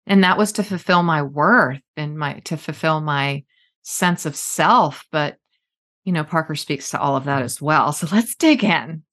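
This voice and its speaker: A woman with a notably low voice hosts a casual conversation. She talks in an animated, emphatic way, tossing in quick asides as she goes. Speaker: podcast host.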